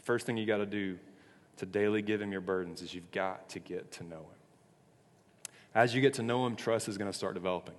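A man's voice: fairly low pitch, normal speed. Man preaching to teens in an echoey hall. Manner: conversational, frequent "like" fillers, swings between hushed and emphatic. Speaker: youth pastor. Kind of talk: casual youth sermon.

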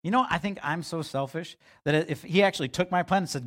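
A man's voice: fast, few pauses. A middle-aged male pastor giving a conversational sermon, acting out quotes in a livelier voice. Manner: conversational preaching, acts out God's voice with rising pitch.

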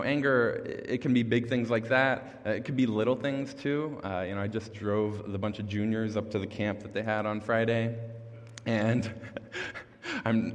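A man's voice: mid-range voice, a bit bright. A young man giving a casual youth sermon as a youth pastor, chatty and self-deprecating, chuckling between thoughts. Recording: long reverb of a large hall.

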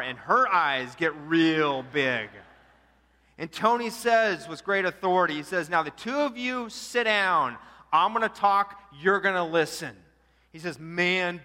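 Guy preaching, animated storyteller, high voice, long reverb in the hall. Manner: animated storyteller acting out quotes. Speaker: pastor. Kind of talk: sermon storytelling.

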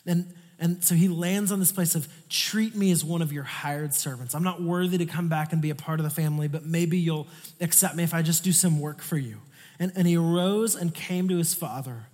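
Young pastor preaching in a reverberant hall. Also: male voice, a little high. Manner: conversational, animated, drops to hushed tones for tender lines. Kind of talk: sermon.

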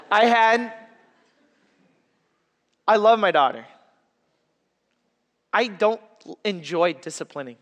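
A man's voice: sits high, animated, slow pace, long pauses, a bit bright. A man in his thirties preaching a sermon as a pastor, earnest and conversational, with personal stories and humor. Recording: echoey hall reverb.

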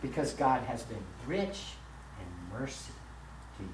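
A man, a pastor, preaching a sermon in a church sanctuary, emphatic and swinging between loud and hushed delivery. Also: mid-range voice, very animated, unhurried. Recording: roomy echo, mic at a distance.

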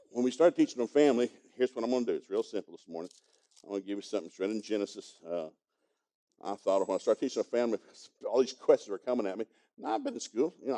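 A man's voice: lowish voice, dark tone. A man preaching a sermon, telling a folksy story and chuckling as he goes. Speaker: pastor teaching a congregation.

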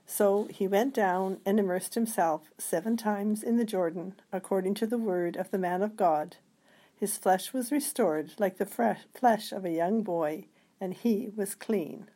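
Woman, scripture reader, mellow dark tone, measured reading, small slips. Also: medium pitch.

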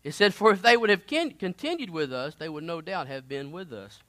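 A man preaching a sermon in a conversational style, moving between loud emphatic bursts and quiet asides. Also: on the high side, expressive, brisk.

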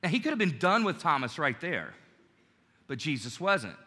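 Bright-voiced male pastor in a reverberant hall. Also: a little high, big pitch swings, normal speed, husky. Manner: conversational preaching, acts out quoted lines. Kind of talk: sermon.

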